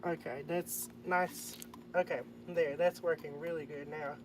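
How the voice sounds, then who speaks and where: A man's voice: a little high, steady tone, a little slow, background noise. A man chatting casually to live-stream viewers, muttering to himself as he works on a repair. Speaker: livestreamer. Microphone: phone.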